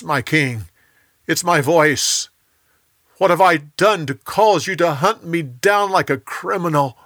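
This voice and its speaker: A man's voice: a little high, bright, forceful tone, no echo, clean studio sound, voice pushed up, full character voice. A man voicing earnest young warrior David. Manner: earnest and firm. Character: young warrior David, a loyal future king.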